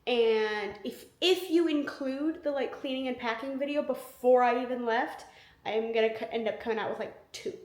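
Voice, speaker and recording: A woman's voice: a little high, normal speed, darkish tone. A woman in her twenties talking casually to camera in a vlog, chatty and rambling with many fillers and restarts. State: tired, yawning. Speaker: vlogger. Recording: echoey room.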